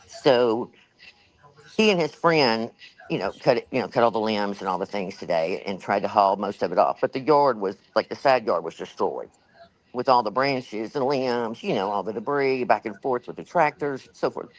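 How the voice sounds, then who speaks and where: A woman's voice: rumbling low, lively intonation, moderate pace, dry recording, low-quality recording. An older woman hosts a livestream, telling a rambling, chatty story with lots of fillers, a little out of breath. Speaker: livestream host. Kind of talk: casual storytelling to a live chat.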